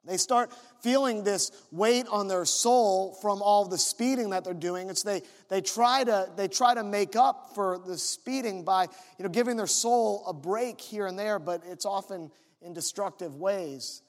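A man preaching a sermon as pastor, telling stories in an animated, conversational way. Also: sits high, unhurried, hardly any pauses, long reverb tail.

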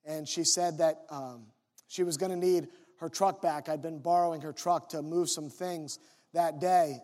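Calm, matter-of-fact man telling a wild story flatly, voiced by a preacher. Quiet, lower register. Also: unhurried, in a large hall, lightly acted. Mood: deadpan calm. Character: calm deadpan man in driving class.

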